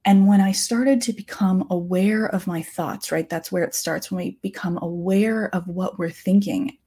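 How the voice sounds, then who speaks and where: A woman in her thirties hosting a podcast, talking in an earnest, confiding way and slowing down to stress her points. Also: medium pitch, mellow, husky. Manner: earnest, confiding, slows down for emphasis. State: close to tears at times. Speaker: podcast host. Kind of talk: reflective personal talk.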